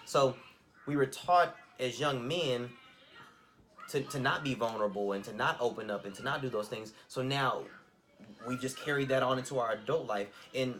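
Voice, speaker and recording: A man's voice: mid-range voice, normal speed, a bit bright. A man co-hosting a casual podcast, thoughtful and conversational, leaning on "like" and "you know". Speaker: podcast co-host.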